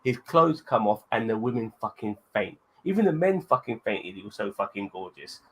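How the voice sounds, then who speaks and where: A man's voice: on the low side, lively intonation, normal speed, a bit bright, husky. A man co-hosting a casual movie review chat, blunt and emphatic, swearing heavily. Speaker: podcast co-host.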